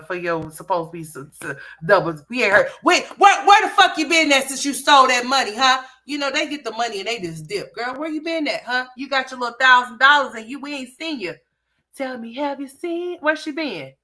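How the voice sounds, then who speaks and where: Sassy bright-voiced woman roasting a vlog. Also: on the high side. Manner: sassy, scolding, talks back at the screen. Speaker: commentary host reacting to a vlog. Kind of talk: profane reaction commentary.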